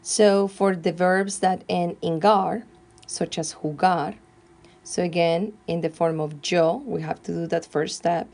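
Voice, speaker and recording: A woman teaching Spanish grammar, slowly and carefully dictating verb forms one at a time. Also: on the low side, steady tone, a little mellow. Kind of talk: classroom grammar lesson.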